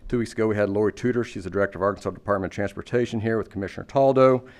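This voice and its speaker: A lower-voiced man speaks fast and briskly, with a smooth, clear tone. He gives an upbeat official update in a council chamber and promotes the town. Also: a little mellow. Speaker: city board member giving a report. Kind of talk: official update at a city meeting.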